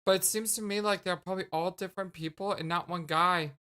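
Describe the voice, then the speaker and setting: A let's play host giving casual commentary and reading game text aloud, full of quick reactions and exclamations. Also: mid-range voice, steady tone, bright, forceful tone, clean tone.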